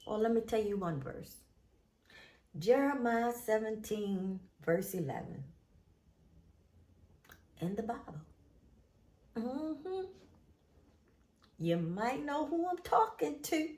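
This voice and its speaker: A woman host, reading Bible verses in a casual faith talk, animated and emphatic, repeating phrases. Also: fairly high pitch, echoey room. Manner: animated, emphatic, drawn-out repetitions. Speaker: show host.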